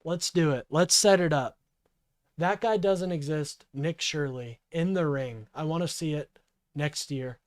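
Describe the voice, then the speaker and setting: A man's voice: a little high, unhurried, no echo, studio quality. A man in his twenties giving profane, heated reaction commentary on a clip. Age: 20s. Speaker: political streamer.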